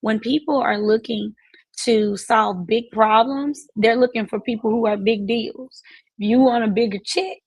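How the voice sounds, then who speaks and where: A woman's voice: on the high side, fairly even intonation, a little slow, breathy edge, no echo, rough recording. A woman hosting a live stream as a financial services coach, speaking emphatically with repeated, preacherly phrasing. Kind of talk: motivational live-stream talk.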